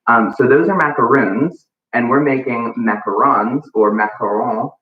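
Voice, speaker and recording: A man talks through a baking demo in a relaxed, rambling way, filling pauses with ums and likes. He is some way off the mic in an echoey room, and the sound is thin and phone-like. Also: mid-range voice, far from the mic. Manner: casual, chatty, many ums and likes. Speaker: baking instructor. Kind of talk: live cooking demonstration.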